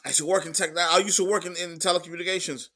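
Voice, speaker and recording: A man preaching a sermon in an emphatic, repetitive style, moving between quiet stretches and loud outbursts. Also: high voice, fairly even intonation, very fast. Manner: emphatic preaching, repeats words, swings from soft to loud.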